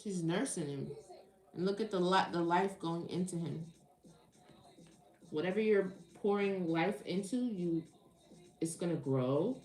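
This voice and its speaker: A woman's voice: on the low side, unhurried, pauses often, darkish tone, faint music behind. Casual woman tarot reader, echoey room. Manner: casual, talks to chat, gets heated and indignant. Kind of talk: live-stream tarot reading and chat.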